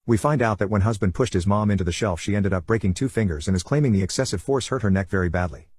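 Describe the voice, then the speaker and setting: A man narrating internet stories in a calm, scripted storytelling voice. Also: fairly low pitch, fast, breathy edge.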